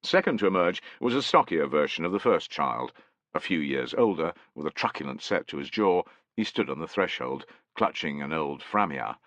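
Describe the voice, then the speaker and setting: A man narrates a brutal historical war story with expressive drama. His voice is low yet bright and sharp, swinging widely in pitch, and the recording is close and completely dry. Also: moderate pace, no room sound, lo-fi sound. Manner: expressive, voices each character. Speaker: audiobook narrator.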